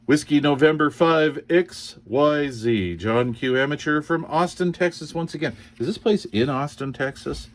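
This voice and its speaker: A man's voice: on the high side, normal speed, hardly any pauses. A man chatting casually as he unboxes radio cards, rambling and joking as he reads call signs aloud. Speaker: CB radio hobbyist vlogger.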